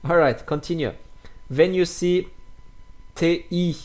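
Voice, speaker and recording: A man with a French accent leads a relaxed pronunciation lesson at an unhurried pace. His English is halting, full of ums and restarts, and he says each example word two or three times. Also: a little high. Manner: slow, repeats example words several times, hesitant English with fillers. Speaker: French teacher.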